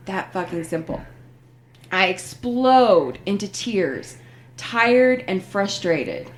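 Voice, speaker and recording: Animated woman telling a story. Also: fairly low pitch, measured pace. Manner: animated storyteller, acts out quoted phone reps. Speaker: podcast host. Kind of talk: casual chat.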